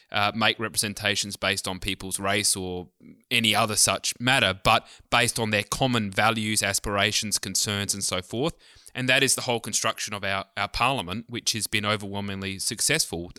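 Bright-voiced Australian male host. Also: fairly low pitch, clean tone, no echo, studio quality. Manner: affirming, then poses long questions. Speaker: interview host. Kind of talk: political interview.

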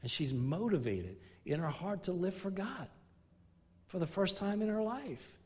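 A middle-aged man preaching a sermon in an earnest way, building emphasis through repeated and restarted phrases and dropping his voice low when telling a story. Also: sing-song, measured pace, darkish tone. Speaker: pastor.

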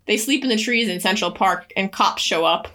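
A woman co-hosting a podcast, recapping a book in animated casual chat, laughing often and rambling into asides. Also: mid-range voice, moderate pace. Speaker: podcast co-host.

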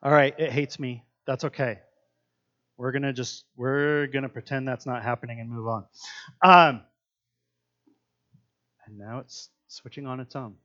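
A man's voice: mid-range voice, steady tone, measured pace, pauses often, a bit bright, muffled recording. A man leading a casual devotional Bible teaching, chatty and earnest with lots of fillers.

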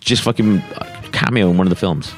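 A man's voice: low voice, fairly quick, faint music behind. A man co-hosting a podcast, rambling casually with heavy swearing. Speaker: podcast co-host. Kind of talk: casual banter.

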